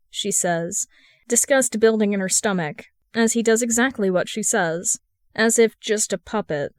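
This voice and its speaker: A woman reading a fan fiction audiobook in a steady, even narration. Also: medium pitch, a little slow, no echo. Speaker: podfic reader.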